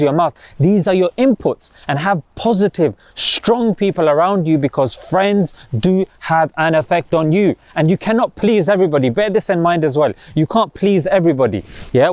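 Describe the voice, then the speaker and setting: A man's voice: fairly high pitch, darkish tone, no room sound. A man hosting a motivational talk, telling stories with slang and rhetorical questions. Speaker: host.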